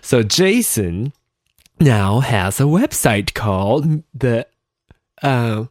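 A man's voice: mid-range voice, lively intonation, very slow, a little mellow, no echo. A tired man hosting a casual solo podcast, rambling and chatty, poking fun at himself, close to his microphone. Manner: rambling, chatty, self-deprecating, swears offhandedly. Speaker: podcast host. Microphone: close desk microphone.

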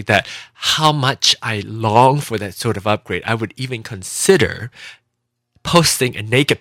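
A man's voice: mid-range voice, sharp tone, no echo, studio quality. A man from Taiwan telling a rambling story in a casual monologue into a home microphone. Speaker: vlogger. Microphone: home microphone with compressor.

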